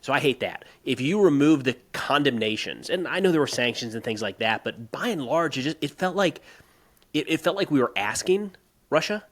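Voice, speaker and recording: A man co-hosting a podcast, talking through politics casually and turning animated and emphatic as he rants. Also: mid-range voice, a little fast. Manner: animated, rising to emphatic outbursts when ranting; conversational with frequent restarts. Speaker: podcast co-host.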